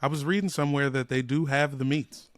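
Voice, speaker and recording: A comedian guest on a sports podcast, riffing and joking in playful rants. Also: male voice, medium pitch, fairly even intonation, a little fast, no echo. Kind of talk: casual sports podcast chat.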